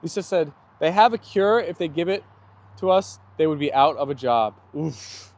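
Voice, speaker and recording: Outdoors with his dogs playing nearby, a young man hosts a live stream, chatting easily and reading viewer comments aloud. He's easygoing and laughs often, and his voice is on the high side and darkish, at a moderate pace.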